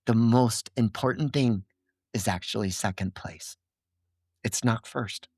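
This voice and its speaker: A man's voice: lowish voice, measured pace, darkish tone, slightly rough, no echo, studio quality. A man as a podcast guest, explaining his ideas earnestly and checking in with his listener as he goes. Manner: didactic, checks in with "okay?" and "right?".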